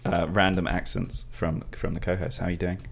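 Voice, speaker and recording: A man's voice: low voice, completely flat delivery, fairly quick, gravelly, heavy background noise. A man hosting a casual comedy podcast, teasing his guests with playful banter. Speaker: podcast host.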